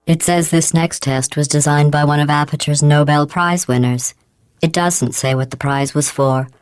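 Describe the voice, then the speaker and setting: A woman voicing a cold, sarcastic female AI computer in a video game, deadpan with a synthetic edge. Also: deep voice, normal speed, natural voice. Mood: cold mocking. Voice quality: smooth, synthetic-edged, deadpan. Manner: dry mocking insults delivered calmly. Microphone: clean dry studio recording.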